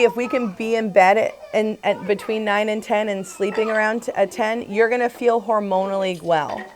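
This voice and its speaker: A woman's voice: medium pitch, a little hiss or hum. A woman chiropractor leading a casual group talk, chatty, laughing often and acting out what her patients say.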